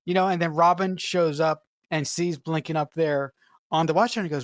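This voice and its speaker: A podcast co-host excitedly retelling favorite film scenes, laughing and swearing along the way. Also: medium pitch, a little fast, dry recording, studio quality. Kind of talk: casual film review chat.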